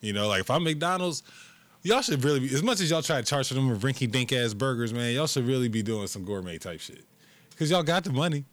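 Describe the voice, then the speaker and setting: A man's voice: mid-range voice, lively intonation, brisk, fairly bright tone, no room sound. A man co-hosting a casual podcast, giving blunt, profane opinions. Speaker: podcast co-host. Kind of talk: casual chat.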